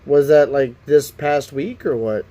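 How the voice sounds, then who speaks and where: A man with a medium-pitched, dark voice and fairly even intonation streams casually from his phone. Unhurried but frustrated, he mutters to himself and to chat while working out the app's settings.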